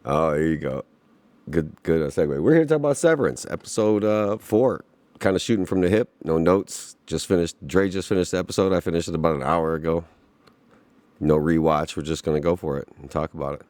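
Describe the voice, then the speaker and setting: A man's voice: low-pitched, a little fast, darkish tone, no echo. A young man hosting a podcast, chatting loosely about a show he just watched, with plenty of swearing, fillers and laughs. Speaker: podcast host. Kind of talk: casual reaction chat.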